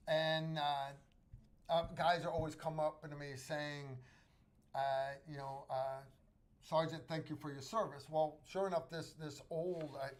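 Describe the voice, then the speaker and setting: Host, male, American, slightly high voice, halting casual storyteller. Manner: rambling, halting storyteller with many restarts.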